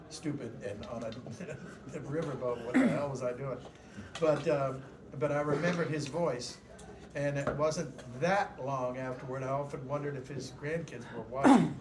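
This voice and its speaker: An older man, a guest voice actor, chatting loosely with restarts at a convention panel. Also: mid-range voice. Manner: chatty, rambling with restarts and laughs. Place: convention hall. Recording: crowd noise at a live convention.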